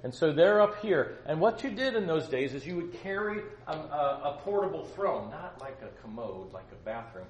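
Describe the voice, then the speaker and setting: A man preaching a sermon, telling a story with animated delivery and acting out the voices in it. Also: on the high side, normal speed, few pauses, highs cut off. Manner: animated, acts out voices in his stories. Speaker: pastor leading a Bible study. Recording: roomy, distant mic with faint ambience.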